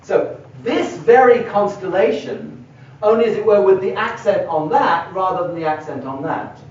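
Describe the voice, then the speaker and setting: A middle-aged man with a high voice gives a university philosophy lecture at a moderate pace, thinking aloud and stressing key words as he writes on a board. It's recorded in an echoey lecture hall from a distant mic, so the sound is dull and lo-fi with a little hiss or hum.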